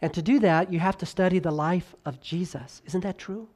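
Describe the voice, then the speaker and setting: A male pastor preaching a sermon, swinging from loud emphatic highs to hushed lows and drawing out key words slowly, with conversational asides and stammered restarts.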